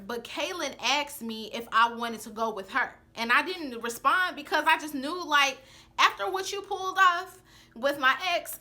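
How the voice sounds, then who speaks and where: Young woman, high bright voice, sassy animated storytime vlogger who acts out the quotes. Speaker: vlogger telling a personal story. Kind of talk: casual storytime chat.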